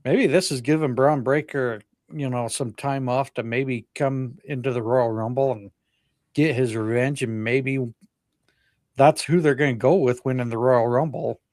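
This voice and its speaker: A man's voice: mid-range voice, fairly even intonation, moderate pace, darkish tone, no echo, studio quality. A man co-hosting a wrestling podcast, recapping events in casual chat and laughing at his own slips. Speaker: podcast co-host.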